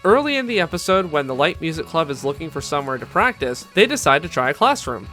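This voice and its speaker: Bright-voiced man narrating a video essay. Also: fairly high pitch, big pitch swings, fast talker, soft background music. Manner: enthusiastic, candid fan commentary with asides. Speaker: YouTube anime commentator.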